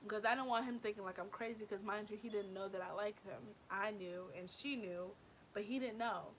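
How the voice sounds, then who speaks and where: A woman in her twenties tells a storytime vlog with lots of emphasis. Her voice sits at a middle pitch and keeps a chatty, animated flow. She fills her talk with "like" and "you know". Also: moderate pace, a little hiss or hum. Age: 20s. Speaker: vlogger.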